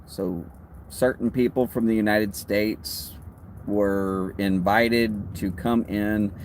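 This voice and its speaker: A man with a Texas accent hosting a casual livestream, talking in a relaxed, rambling way with friendly asides. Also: lowish voice, takes it slowly, a little hiss or hum. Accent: Texan. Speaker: host of a pipe-smoking livestream.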